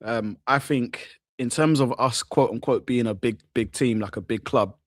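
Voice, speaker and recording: A man co-hosting a fan show, excitable and laughing in casual football chat. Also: medium pitch, moderate pace, dry recording, studio quality.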